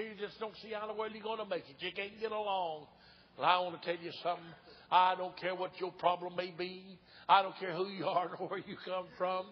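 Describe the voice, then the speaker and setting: An older evangelist man with an East Tennessee Southern accent, preaching an old-time revival sermon in a folksy storytelling way that swells into shouts. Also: high voice, breathy edge. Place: church sanctuary. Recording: dull lo-fi church recording with long reverb.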